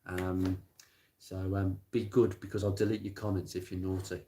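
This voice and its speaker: A man chatting casually on a live stream about car parts, plain-spoken and rambling, with many pauses and restarts. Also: low voice, level tone, dark tone, a little hiss or hum. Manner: rattles off blunt practical advice. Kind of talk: casual live-stream chat answering viewer comments. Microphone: smartphone.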